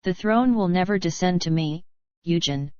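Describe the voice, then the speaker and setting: A woman reading the lines of an earnest male prince, the young prince's uncle, in an audiobook, speaking stiffly and quietly. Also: fairly low pitch, normal speed, smooth, no echo, dull audio, lightly acted. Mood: gentle.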